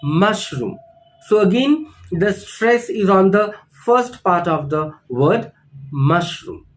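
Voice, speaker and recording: Slow, high-voiced teacher. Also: male voice, lively intonation, rough recording. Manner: slow, deliberate, repeats words for learners. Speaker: English teacher. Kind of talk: pronunciation lesson.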